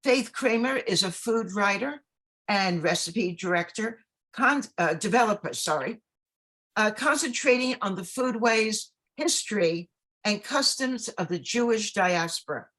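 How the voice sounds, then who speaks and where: A woman hosting an online book talk, introducing the guest in a halting way with many fillers and self-corrections. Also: medium pitch, animated, fairly bright tone. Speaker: event host. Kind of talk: program introduction. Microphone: video call.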